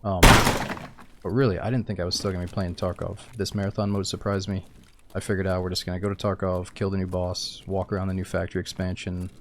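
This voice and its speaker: A sleepy man talks through his game stream in a low, monotone voice, loose and rambling as he chats with viewers. Faint game ambience hums underneath. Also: fast talker, a little hiss or hum. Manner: laid-back, rambling, says "dude" a lot. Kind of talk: casual gaming stream chat.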